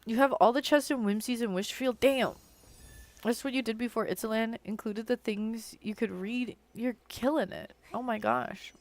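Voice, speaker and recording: A young adult woman with a voice on the high side chats casually while streaming a game, talking at a moderate pace. She rambles on, filling her speech with "like."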